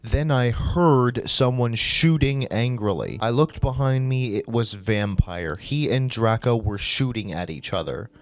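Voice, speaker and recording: A man's voice: mid-range voice, measured pace, few pauses, a little hiss or hum. A man doing a comedic reading aloud, breaking off into exasperated, swearing reactions. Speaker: video creator.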